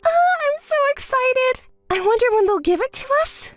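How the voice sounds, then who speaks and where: A woman voicing a spoiled, entitled young woman in a texting story, whiny and quick to throw tantrums. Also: extremely high pitch, sing-song, fairly bright tone, faint music behind, pitched above the performer's own voice, exaggerated voice. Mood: shrill indignant.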